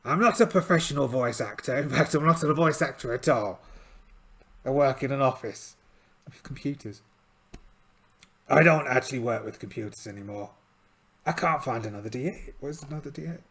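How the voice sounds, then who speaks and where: A man with a gravelly, creaky voice plays a solo tabletop game aloud and explains the rules as he goes. His pitch sits in an ordinary middle range for a man. He talks in a chatty, rambling way and pokes fun at himself often. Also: expressive, moderate pace, long pauses, a bit bright. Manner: chatty, rambling, self-deprecating. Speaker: solo game player and channel host.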